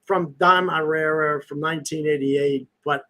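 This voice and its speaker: A man's voice: on the high side, fairly even intonation, normal speed, pushed and bright, rough recording. Rambling man reminiscing on a podcast. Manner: rambling, nostalgic storytelling. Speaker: podcast host. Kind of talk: casual reminiscing chat.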